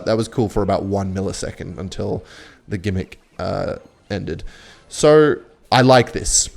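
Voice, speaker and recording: A young gaming content creator narrates his own match live, casually and sarcastically. He is cocky and boastful, swears often, and his pitch swings lively up and down.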